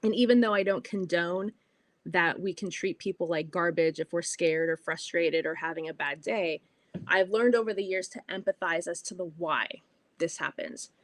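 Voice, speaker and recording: A woman's voice: lowish voice, moderate pace, no room sound. Bubbly woman podcast host, dry sound. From California. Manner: bubbly, animated storyteller. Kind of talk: casual storytelling monologue.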